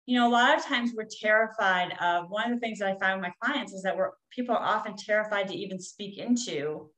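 A woman's voice: medium pitch, fairly quick, fairly bright tone, poor audio. A woman, a coach, telling a personal story in a candid, rambling way with frequent fillers.

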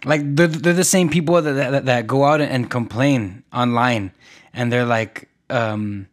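A man's voice: medium pitch, measured pace. A young man hosting a solo podcast, ranting in a rambling, profane way with many restarts and fillers. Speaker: podcast host.

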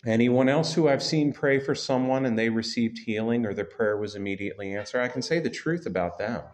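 A man preaching a sermon to his church congregation, talking in a relaxed, conversational way with self-deprecating humor. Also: mid-range voice, brisk. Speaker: pastor.

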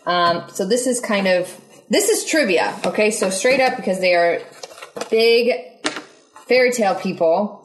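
A woman's voice: mid-range voice, measured pace, reverberant, poor audio. A woman hosting a casual podcast, running a trivia quiz with her guests and teasing them with a laugh. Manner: laughs often, playful and teasing. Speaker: podcast host.

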